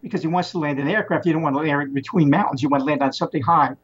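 A man with a fairly high, husky voice tells a long tale in loose, conversational fashion, stumbling and restarting as he goes. The recording is dull and lo-fi. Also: racing. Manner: rambling, animated retelling with many restarts. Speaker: storyteller. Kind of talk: casual spoken storytelling. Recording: muffled lo-fi recording.

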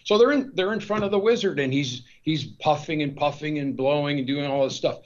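A man's voice: fairly high pitch, fairly quick. Rambling man on a dull lo-fi line. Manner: rambling, with frequent restarts and repeated words. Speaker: guest author. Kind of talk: discursive interview talk.

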